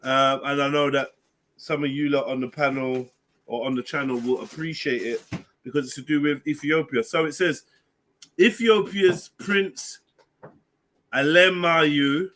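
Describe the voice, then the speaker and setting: A man's voice: mid-range voice, steady tone, moderate pace, fairly bright tone, a little hiss or hum. A man hosting a casual live panel stream, bantering and teasing his guests. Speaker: stream host.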